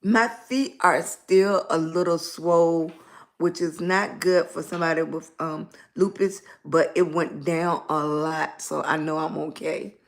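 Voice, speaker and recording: A middle-aged woman with a Southern US accent and a slightly raspy voice, rambling in casual livestream chat and greeting viewers by name. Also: low-pitched, steady tone, measured pace. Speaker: lifestyle blogger live streaming.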